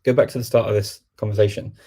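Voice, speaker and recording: A man's voice: lowish voice, fairly even intonation, quick pace, dark tone, a little hiss or hum. A middle-aged man hosting a casual livestream Q&A, rambling and thinking aloud with many fillers. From England. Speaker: host. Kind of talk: livestream Q&A chat.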